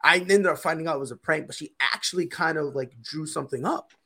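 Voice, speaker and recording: A man's voice: a little high, quick pace, pushed and bright, breathy edge. A man co-hosting a podcast, telling a story in a casual, slangy way and often repeating himself. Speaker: podcast co-host.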